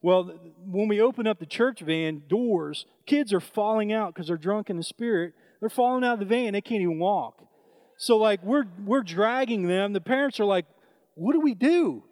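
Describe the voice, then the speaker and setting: A man's voice: high-pitched, normal speed, a little mellow, no echo. A man preaching a sermon, telling a personal story in a loose, conversational way with frequent fillers and restarts.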